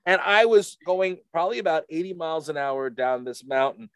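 A man casually telling a rambling, animated story full of fillers to a friend. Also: on the high side, brisk, smooth, no echo. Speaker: storyteller in a chat.

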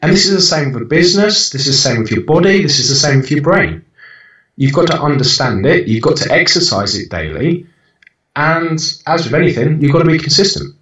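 A man's voice: a little high, sing-song, fairly quick, a bit bright. A man in his thirties, a podcast guest talking bluntly and animatedly, swearing freely and often restarting his sentences. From United Kingdom. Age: 30s. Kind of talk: casual interview chat. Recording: roomy, distant and dull-sounding.

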